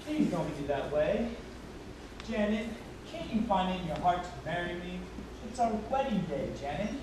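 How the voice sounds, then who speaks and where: A woman's voice: on the low side, very animated, moderate pace, noisy background. A woman on stage playing an earnest, lovestruck young groom, with a pleading delivery. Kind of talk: stage musical acting. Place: theater stage. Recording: distant echoey stage recording with music.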